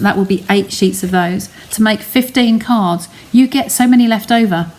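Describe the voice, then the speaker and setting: A woman's voice: mid-range voice, normal speed, hardly any pauses, darkish tone, slight background noise. Chatty woman demonstrating card crafts. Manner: chatty, explains step by step, talks to viewers. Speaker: craft live-stream host. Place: home craft studio.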